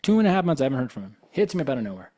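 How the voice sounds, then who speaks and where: Racing along in a sing-song, dark-toned mid-range voice, a coach and guest speaker gives a casual spiritual talk to a live audience. His storytelling is conversational and loose, with acted-out quotes and plenty of "you know."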